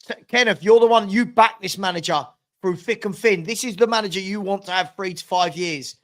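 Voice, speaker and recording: A man's voice: high-pitched, brisk. A man hosting a live football watchalong, calling the play and groaning at his team while chatting to viewers by name. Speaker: watchalong host.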